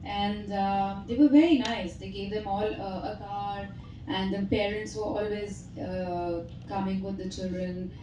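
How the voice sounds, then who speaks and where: This actress, a woman in her thirties with an Indian English accent, fields press conference questions with chatty stories and frequent laughter. Her mid-range voice is steady and a bit slow, captured from afar in an echoey press hall with faint background noise.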